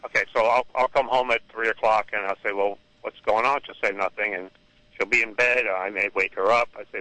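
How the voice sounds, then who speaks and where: A middle-aged man calling in to a radio advice show, speaking hesitantly with halting restarts. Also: on the low side, fairly even intonation, sharp tone, no room sound, rough recording. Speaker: caller. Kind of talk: call-in radio conversation. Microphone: phone.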